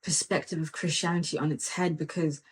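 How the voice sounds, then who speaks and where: A woman hosting a podcast, telling stories in a lively, conversational way and often dropping "like" and "you know" as she talks about faith. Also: deep voice, a little fast. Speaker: podcast host and faith mentor. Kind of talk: casual faith talk with storytelling.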